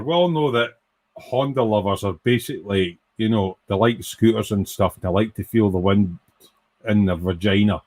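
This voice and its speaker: A man's voice: lowish voice, moderate pace, a little mellow. A man hosting a casual live stream, rambling cheerfully, swearing freely and reading out viewer comments.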